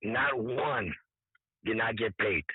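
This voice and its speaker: Hoarse man on a tinny line. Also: on the low side, dry recording. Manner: halting, repeats words, quotes others. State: hoarse, voice nearly lost. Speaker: event organizer. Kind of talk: casual interview storytelling. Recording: dry tinny phone-like line.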